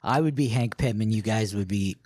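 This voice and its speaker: Male co-host, husky voice, lively pitch, dry close sound. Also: brisk, no echo. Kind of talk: casual podcast banter.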